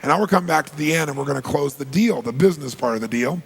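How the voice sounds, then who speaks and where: Gravelly, husky motivational speaker. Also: male voice, on the high side, animated, very fast, long reverb tail. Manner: storytelling, asks the audience questions. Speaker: seminar speaker. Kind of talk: motivational seminar talk.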